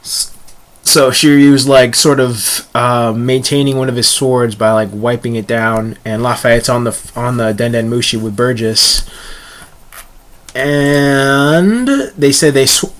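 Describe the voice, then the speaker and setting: A man's voice: mid-range voice, fairly even intonation, slow pace, fairly bright tone. A young man casually reviewing a comic chapter, rambling and often stumbling over words and restarting.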